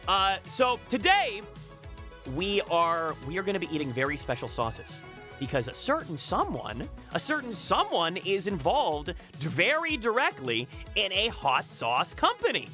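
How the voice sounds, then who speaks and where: A man's voice: high voice, wildly swooping pitch, measured pace, bright, forceful tone, faint music behind. A man hosting a casual chat podcast, rambling and repeating words, laughing often. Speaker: podcast host.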